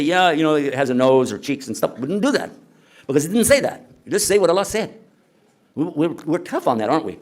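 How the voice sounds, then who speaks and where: A man lecturing at a conference in a conversational way, asking the audience rhetorical questions. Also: fairly high pitch. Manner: acts out quoted speakers. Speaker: Islamic lecturer.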